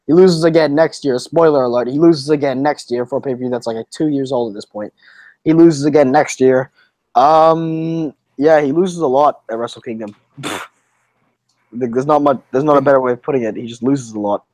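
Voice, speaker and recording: A man's voice: medium pitch, normal speed, darkish tone, no echo. A young man co-hosting a casual podcast, laughing often and swearing freely as he reviews wrestling matches. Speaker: podcast co-host. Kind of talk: casual chat.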